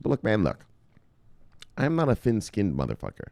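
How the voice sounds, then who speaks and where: A man hosting a crypto news vlog in loud, profane, boisterous casual commentary, laughing often. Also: lowish voice, wildly swooping pitch, moderate pace, vocal fry, no echo.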